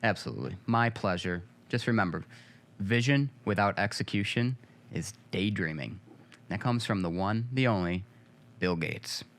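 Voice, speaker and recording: A man co-hosting a casual talk show, relaxed and easygoing with a dry touch. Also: lowish voice, moderate pace. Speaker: co-host. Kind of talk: casual chat.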